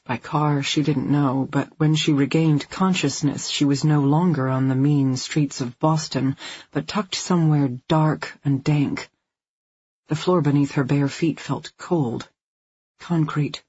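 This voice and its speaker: An audiobook narrator reading a dark thriller with tense, measured storytelling. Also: mid-range voice, steady tone, breathy edge, no room sound. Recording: dull lo-fi recording.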